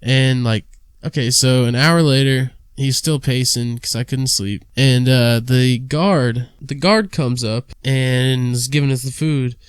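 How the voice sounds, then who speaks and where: A man's voice: mid-range voice, fairly even intonation, a little slow, hardly any pauses, clear, resonant tone, no echo. A young man hosting a casual podcast, telling a crude rambling story and acting out the people in it. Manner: crude rambling storyteller, acts out quoted voices. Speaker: podcast host. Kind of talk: casual chat.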